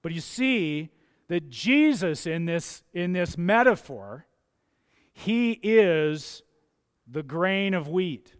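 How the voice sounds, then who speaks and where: Pastor, male, high-pitched and gravelly, emphatic sermon delivery in a reverberant church hall. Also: lively intonation, slow pace. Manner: emphatic, repeats key phrases for stress. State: gravelly, dusty throat.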